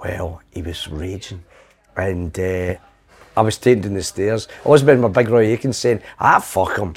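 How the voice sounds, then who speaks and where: A man's voice: low voice, normal speed, gravelly, husky. A middle-aged Scottish man telling rambling comic anecdotes, slipping into quoted voices. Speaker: comedian guest. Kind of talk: casual storytelling.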